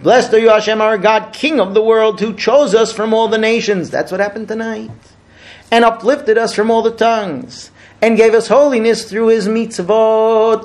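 A man leading a group through a mock Seder, explaining terms and chanting the blessings. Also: sits high. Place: room with a group.

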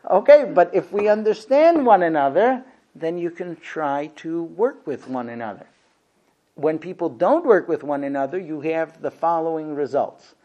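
A man's voice: fairly high pitch, animated, moderate pace, darkish tone, muffled recording. A man lecturing a class about marriage, animatedly acting out both sides of conversations.

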